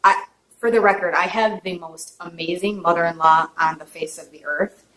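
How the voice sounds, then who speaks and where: A woman's voice: on the low side, fairly even intonation, moderate pace, a crowd in the background. A woman giving a casual cooking demonstration in her home kitchen, chatty and openly emotional, often checking in with viewers. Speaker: home cook. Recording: echoey kitchen, distant mic, faint noise.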